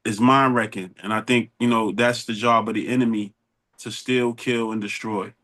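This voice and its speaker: A man talking casually about his troubles in a halting way, repeating words, with preacher-like phrasing. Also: lowish voice, steady tone, fairly bright tone. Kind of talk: casual chat.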